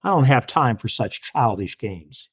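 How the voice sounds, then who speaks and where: A man's voice: medium pitch, lively intonation, a little slow, breathy edge, dull audio. A man voicing a tired, irritable working father who scolds his young son. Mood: stern. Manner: stern, scolding.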